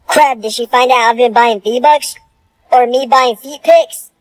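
A woman in a comedy skit talks casually and dismissively in slang. Her voice is fairly high. It has a dry, close sound. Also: a little slow, no room sound. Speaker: skit performer.

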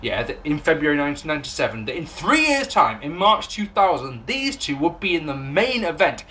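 An English-accented man from England rattles through a casual wrestling-show recap and review, sarcastic and rambling, swearing and cracking himself up at his own jokes. His slightly high voice is very animated, fairly quick, pushed and bright.

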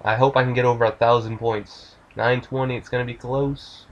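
A man's voice: medium pitch, little pitch movement, fast talker, muffled recording, a little hiss or hum. A man giving casual, profane gameplay commentary as a let's play host.

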